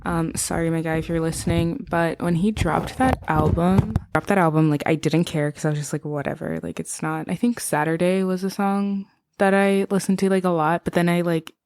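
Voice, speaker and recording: A woman's voice: fairly low pitch, fairly even intonation, moderate pace, a little mellow, a little hiss or hum. A woman vlogger chatting casually to her viewers, rambling with lots of filler words.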